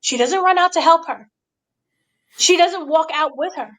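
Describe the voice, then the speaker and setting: A woman hosting a casual wrestling review, animated and acting out the quotes with gasps and shrieks. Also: very high voice, normal speed. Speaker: show host. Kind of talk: casual wrestling recap chat.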